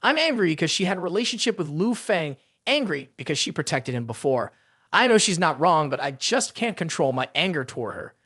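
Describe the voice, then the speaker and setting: A narrator voicing an arrogant, quick-tempered rich young man who speaks in curt commands. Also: medium pitch, big pitch swings, a bit bright, husky, dry recording, studio quality, voice pushed down. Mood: brooding.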